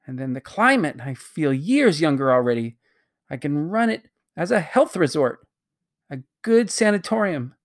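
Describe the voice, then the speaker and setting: Storybook figure: a reader playing a pompous, greedy old man past sixty, grandly excited and scheming. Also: fairly high pitch, moderate pace. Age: 60s.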